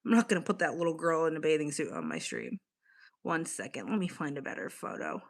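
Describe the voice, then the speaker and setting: A woman hosting a casual livestream, chatting to her viewers in an excitable way and swearing freely. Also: fairly low pitch, normal speed. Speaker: livestream host.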